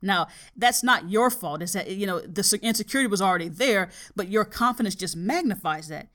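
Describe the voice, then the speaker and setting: A woman's voice: mid-range voice, animated, brisk, a bit bright. A middle-aged woman hosting a podcast, a college biology teacher from the US South with no regional accent, talking frankly and with dry humor in a casual monologue. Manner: frank, storytelling, dryly humorous.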